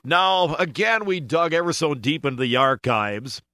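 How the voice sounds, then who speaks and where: A man's voice: a little high, normal speed, bright, forceful tone, no echo. A man hosting a car-culture radio show, introducing songs in a chatty, folksy way with casual asides.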